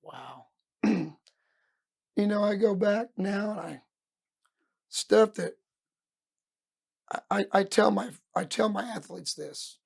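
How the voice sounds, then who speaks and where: Man, middle-aged, raspy and gravelly, animated storyteller, podcast guest. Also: sits high, takes it slowly, long pauses. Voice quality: gravelly, husky voice. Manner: animated storyteller acting out his coaches' lines. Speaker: podcast guest, wrestling coach. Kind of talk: storytelling in casual interview.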